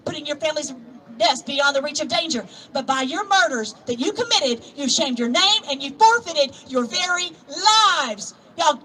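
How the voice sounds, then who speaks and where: An older woman gives an impassioned rally speech outdoors. She reads scripture and calls out to the crowd, swinging between soft asides and shouts. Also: sits high. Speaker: rally speaker. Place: outdoor plaza at a protest march. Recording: distant outdoor recording with crowd noise. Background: murmuring crowd and street noise.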